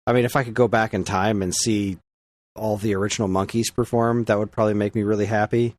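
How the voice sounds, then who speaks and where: A man's voice: on the low side, fairly even intonation, fast. A male podcast co-host in casual chat, dry and laid-back while reading listener questions.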